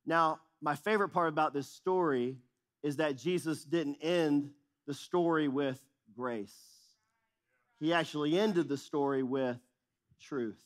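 A man's voice: fairly high pitch, unhurried. A middle-aged man preaching a sermon as pastor, speaking with emphatic repetition and shifting intensity.

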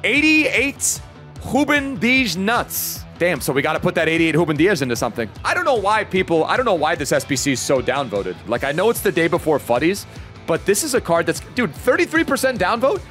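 Young man, gaming commentary, lively swinging pitch, slightly high voice, faint music behind. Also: fast. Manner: animated, talks to viewers, frustrated outbursts. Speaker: gaming YouTuber. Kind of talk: excited gameplay commentary.

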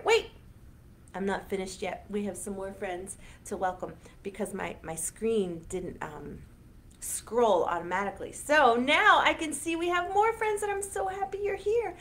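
A woman hosting an online children's storytime as a librarian, reading a picture book aloud in an animated, sing-song way for young children. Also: medium pitch, unhurried, slight background noise.

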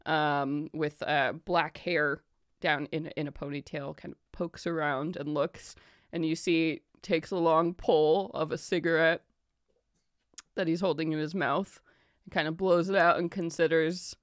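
A woman narrating as game master, relaxed and descriptive with many fillers. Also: deep voice, measured pace, dry recording, studio quality.

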